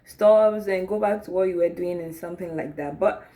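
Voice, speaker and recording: A woman's voice: on the low side, normal speed. A woman giving casual relationship advice, talking it through conversationally and often checking in with "okay?" and "right?". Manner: acts out sample dialogue in a rising, animated voice.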